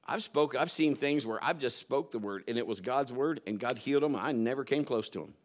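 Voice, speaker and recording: A man preaching a sermon, telling stories and swinging between loud emphatic bursts and quiet low asides. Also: animated, a little fast.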